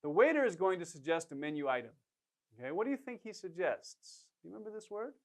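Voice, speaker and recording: A man's voice: high-pitched, sing-song, quick pace. A man with a slightly raised voice leads a beginner language lesson. He talks in patient, encouraging teaching drills, prompting the listener to say each phrase again and praising each try. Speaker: Korean language instructor.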